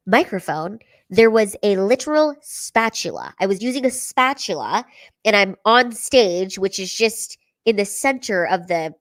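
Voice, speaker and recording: A woman stand-up comedian telling personal stories at home in a candid, chatty way, filling her talk with "like" and casual swearing. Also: a little high. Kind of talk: candid storytelling livestream.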